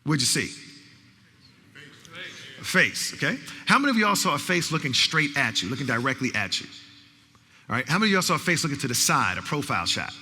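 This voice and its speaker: A man's voice: medium pitch, sing-song, brisk, pauses often, pushed and bright, slightly rough. A man who is a college professor giving an interactive training talk to a conference audience, calling for responses and repeating phrases to rally the crowd. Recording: long hall reverb.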